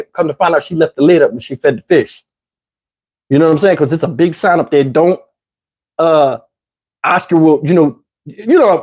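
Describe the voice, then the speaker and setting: A man casually telling a story to his channel, in a slangy, profane, lively way. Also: fairly high pitch. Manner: profane, slangy, lively retelling with acted-out quotes.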